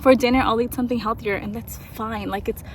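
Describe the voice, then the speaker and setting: A woman's voice: fairly high pitch, fairly even intonation, quick pace, a little hiss or hum, rough recording. A young woman vlogging on a walk in a park after a run, out of breath, chatting to her viewers in a rambling way. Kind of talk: casual vlog chat to camera.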